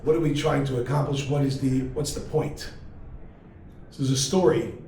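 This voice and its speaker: A male rabbi teaching a class to students, energetic and humorous, telling stories and firing off rhetorical questions. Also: medium pitch, moderate pace. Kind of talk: lively classroom lecture with storytelling. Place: large study hall. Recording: very echoey hall, mic far off, faint noise.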